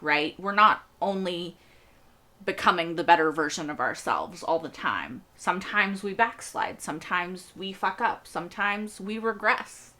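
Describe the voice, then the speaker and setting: Bright-voiced woman chatting earnestly. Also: on the low side, a little slow. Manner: rambling and earnest, laughs often. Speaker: reaction video host. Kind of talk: casual reaction chat.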